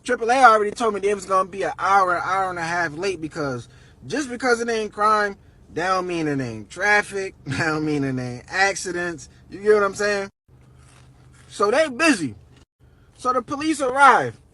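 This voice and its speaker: A man's voice: high voice, animated, normal speed, sharp tone. A man telling a story in a casual, slangy, profane way.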